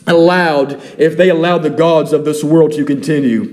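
A man's voice: a little high, unhurried, a little mellow. A man preaching a sermon as pastor, reading scripture and pressing his congregation with repeated questions.

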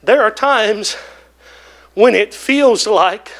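High, gravelly preacher shouting. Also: male voice. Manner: preaching with rising shouts and chanted phrases; drawn-out emphatic delivery with interjected "oh" and "woo, hallelujah". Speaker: pastor. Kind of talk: sermon. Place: church.

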